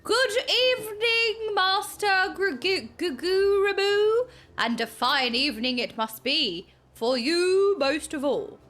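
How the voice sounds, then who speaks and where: A woman voicing a flamboyant gentleman inspector, vain and theatrical, in a grandiose manner, as she reads game dialogue aloud. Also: very high-pitched, lively intonation, takes it slowly, soft background music, voice pushed up, exaggerated voice.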